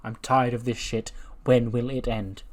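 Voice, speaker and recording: A man voicing a brooding, fed-up male wrestler who speaks deliberately and with menace. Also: mid-range voice, level tone, close to an everyday voice.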